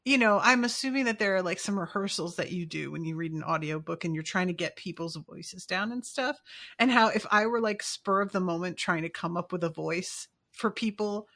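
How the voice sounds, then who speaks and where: A woman's voice: lowish voice, fairly quick, fairly bright tone. A woman co-hosting a podcast in casual chat, rambling and self-mocking, with lots of giggles. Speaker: podcast co-host.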